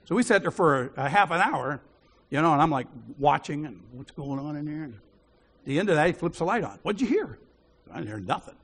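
A husky male preacher tells a personal story from the pulpit, chuckling often as he goes. His voice sits a little high and swings widely up and down, giving the telling a lively feel. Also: a little fast. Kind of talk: sermon storytelling.

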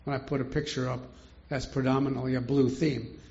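A man's voice: mid-range voice, flat delivery, fairly quick, gravelly, a little mellow. An older man teaching a Bible study in a chatty way, asking rhetorical questions and chuckling often, on a dull lo-fi recording.

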